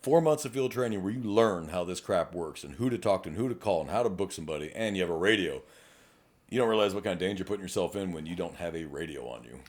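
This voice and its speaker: Fast-talking and animated, a man with a low voice co-hosts a podcast. He works in law enforcement and trades cop stories in casual conversation, laughing and swearing as he goes.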